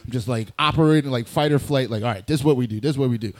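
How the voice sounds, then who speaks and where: Brief: New man, mid-pitched, laid-back, profane storyteller. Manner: laid-back, profane, acts out people in quick voices. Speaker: guest storyteller. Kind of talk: casual comedic storytelling.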